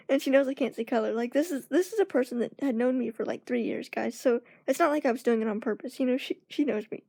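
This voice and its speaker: High-voiced young woman vlogging casually. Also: creaky, dark tone, no echo, clean studio sound. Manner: halting, searching for words, laughs often. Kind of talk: casual personal vlog.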